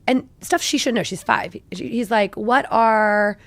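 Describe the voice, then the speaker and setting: A middle-aged woman hosting an interview, chatting in an animated way and telling stories about her family. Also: fairly high pitch, moderate pace, vocal fry, no echo. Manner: warm, chatty, animated storytelling. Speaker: podcast host. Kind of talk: casual interview chat.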